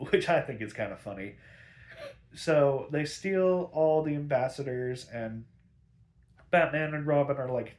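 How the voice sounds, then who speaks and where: A man's voice: medium pitch, darkish tone. A man casually recapping an old movie, rambling with lots of fillers and swearing. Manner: rambling, filler-heavy, profane. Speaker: host recapping a film. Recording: roomy echo.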